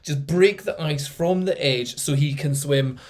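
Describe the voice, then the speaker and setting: Brief: man, casual vlog commentary, slightly high pitch, chatty, trailing off with fillers. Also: measured pace, darkish tone. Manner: chatty, laughs at what he sees, trails off with fillers. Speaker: vlogger commenting on a video.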